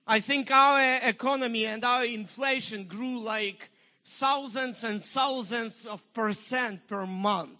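A male pastor with a Ukrainian accent tells a story during a sermon. His voice is very high and strikingly bright. He preaches in an animated, emphatic way. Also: unhurried.

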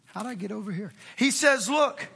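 Bright-voiced, high-pitched male preacher. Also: animated, normal speed, vocal fry, breathy edge. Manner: emphatic preaching, rising to shouts and dropping to hushed tones. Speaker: pastor. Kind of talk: sermon.

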